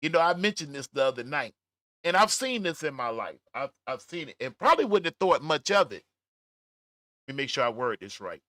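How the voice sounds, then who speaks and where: Animated man reading chat on a stream. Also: mid-range voice, no room sound, studio quality. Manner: animated, laughing, drawn-out emphasis. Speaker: livestream commentary host. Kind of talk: casual commentary reading live chat. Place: at home, smoking a cigar.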